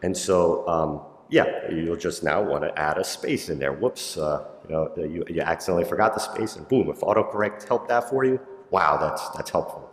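A deep-voiced man gives a conference talk in a hall, the sound echoing and trailing off in a long reverb. His delivery is loose and chatty, padded with "um" and "and so". He acts out typos with quick "oh, whoops" asides as he walks through his slides. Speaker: conference presenter.

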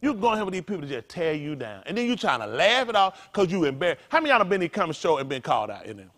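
A man's voice: fairly high pitch, very animated, rapid-fire, a bit bright. A man preaching a casual, conversational sermon as pastor, colloquial and full of rhetorical questions.

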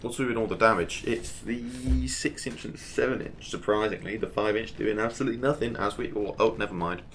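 A man with a fairly low voice talks through a naval battle game as he plays it. His commentary is casual and self-directed, full of quick excited exclamations. Faint ambient noise sits under his voice. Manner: chatty, talks to himself while playing, excitable exclamations. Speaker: gaming channel host.

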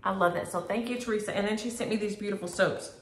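A middle-aged woman, chatting homey and warmly to her viewers about stitching and mail. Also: medium pitch, fairly even intonation, quick pace. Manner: homey, chatty, uses y'all. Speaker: flosstube host. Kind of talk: casual chat to camera. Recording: echoey room.

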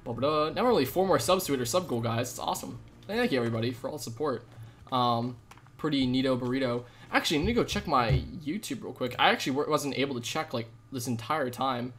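A man's voice: mid-range voice, lively intonation, fast talker, a bit bright. A man live-streaming a video game, chatting casually with viewers in an upbeat, slangy way into a desk microphone. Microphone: desk USB microphone.

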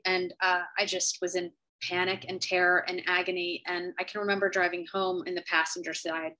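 A woman speaking as an author, telling a heartfelt personal story to camera over a video call, earnest and unhurried with thoughtful pauses. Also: mid-range voice, a bit bright, low-quality recording. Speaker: author sharing her story.

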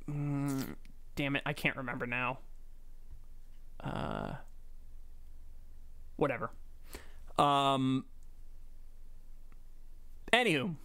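A man co-hosting a casual podcast, his voice bright and crisp. He rambles with fillers and restarts, and the sound is dry and close to the mic. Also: mid-range voice, no room sound. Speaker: podcast co-host.

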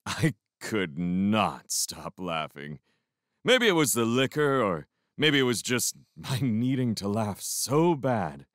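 Casting: deep-ish male fan audiobook narrator, slow and lively, dry close sound. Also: dry recording. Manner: slow, expressive first-person narration. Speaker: audiobook reader.

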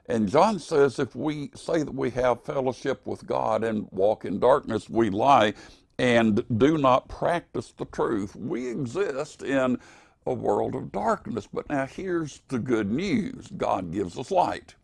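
Slow gravelly-voiced older preacher. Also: male voice, medium pitch, expressive, no echo. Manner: slow, earnest, emphatic preaching. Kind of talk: evening devotional sermon.

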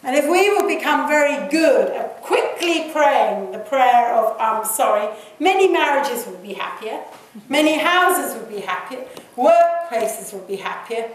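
A woman's voice: high voice, animated, unhurried, distant mic, a little hiss or hum. Woman preaching in an echoey hall. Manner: conversational, acts out quoted prayers softly. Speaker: guest speaker. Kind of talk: sermon. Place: church hall.

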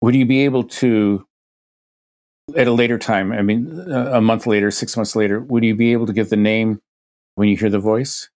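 Male podcast guest, lowish voice, explanatory, halting restarts as he reasons. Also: steady tone, a little mellow. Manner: thinks aloud with many restarts and hypothetical examples. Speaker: guest expert.

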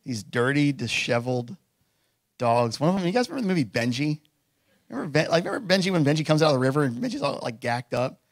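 A man's voice: fairly high pitch, lively intonation, fast, dry recording. A man preaching a sermon as pastor, telling stories casually with lots of fillers and building to emphatic declarations. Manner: casual storytelling with many fillers.

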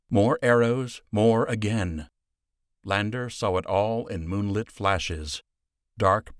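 In this scripted audiobook narration, the male reader keeps a steady, measured storytelling pace. His voice sits low, and the sound is dry with studio quality.

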